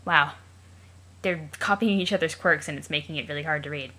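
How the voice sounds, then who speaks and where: A woman's voice: low-pitched, fairly quick, sharp tone. A woman casually commenting on a webcomic playthrough, chatty, rambling and crude. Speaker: let's play host.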